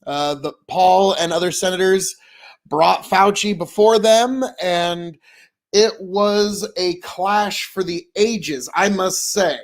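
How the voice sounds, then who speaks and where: A man's voice: sits high, slow pace. A man hosting a casual video commentary, chatty and folksy, rambling and sending blessings to his viewers. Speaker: political commentary vlogger.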